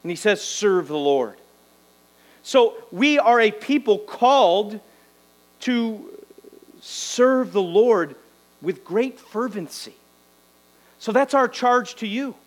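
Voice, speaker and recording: Male pastor, high voice, exhorting sermon delivery, faint mains hum. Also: expressive, slow pace, long pauses, poor audio. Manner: exhorting, rhetorical "right?" tags.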